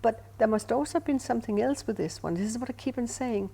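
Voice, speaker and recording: A woman's voice: fairly high pitch, quick pace, gravelly, breathy edge. Older woman medium, emphatic storyteller. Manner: emphatic, animated storyteller, asks "do you see what I mean". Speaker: spiritual medium. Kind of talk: conversational interview storytelling.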